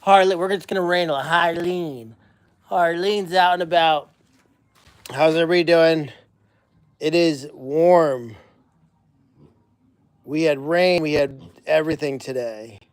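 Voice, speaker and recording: High-voiced man chatting on a livestream. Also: unhurried, pauses often, smooth, no echo. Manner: chatty, greets viewers and calls animals by name. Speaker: animal sanctuary caretaker hosting a livestream. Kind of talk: casual livestream chat. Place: outdoors at an animal sanctuary.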